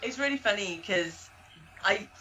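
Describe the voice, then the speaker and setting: A woman's voice: mid-range voice, animated, a little slow, bright, forceful tone, lo-fi sound, a little hiss or hum. A woman from Zimbabwe and South Africa, with an accent mixing South African, British and American, chatting as a guest and telling stories with laughs. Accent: mixed South African, British and American. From born in Zimbabwe, raised in South Africa and Greece. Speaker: guest paranormal investigator. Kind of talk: casual chat on a live show.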